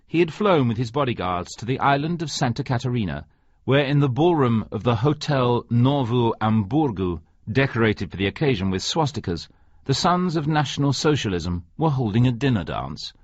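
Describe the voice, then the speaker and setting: A man narrating an audiobook in expressive scripted storytelling. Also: medium pitch, normal speed, slightly rough, dry recording. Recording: dry, slightly dull audio.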